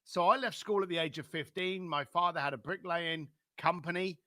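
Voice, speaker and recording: London-accented man, middle-aged, animated storyteller, high and forceful voice, dry close sound; interview guest. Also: normal speed, no echo. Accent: London English. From London, England. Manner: animated storyteller who acts out other people's lines.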